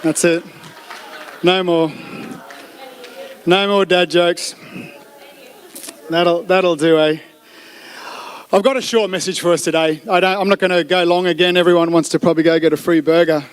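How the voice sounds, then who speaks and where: A man giving a relaxed, joke-filled sermon from a church stage, speaking into a mic. His voice sits high for a man, and he keeps the tone chatty and upbeat throughout. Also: moderate pace, long pauses. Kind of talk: casual sermon with jokes. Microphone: handheld or stage mic.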